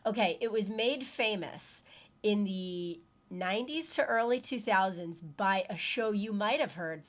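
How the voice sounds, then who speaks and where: A woman in her thirties co-hosting a weekly live stream, chatting playfully and tossing out quick jokes. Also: mid-range voice. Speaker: co-host of a weekly live show. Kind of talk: casual live-stream chat.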